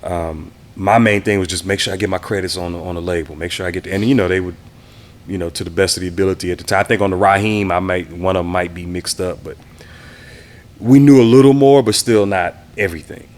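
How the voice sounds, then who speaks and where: A man from the Houston area with a very low voice sits for a casual interview. He reminisces in a relaxed, easygoing way and slips into quoting the people he talks about. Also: fast talker. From Houston area, Texas. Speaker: interview guest, DJ and producer.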